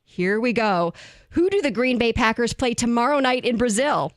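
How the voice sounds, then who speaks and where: A woman co-hosts on the radio. She chats in a casual way and reads the quiz questions evenly. Her voice sits a little high and sounds close and dry into a studio mic. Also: expressive, moderate pace, no echo. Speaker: radio co-host, game presenter. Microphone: studio microphone.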